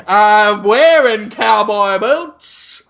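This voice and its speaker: A man's voice: high voice, animated, very slow, creaky, a bit bright, exaggerated voice. A British man putting on a mock American accent, playing a boastful dim cowboy in a hammy, drawling way. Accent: put-on American over British.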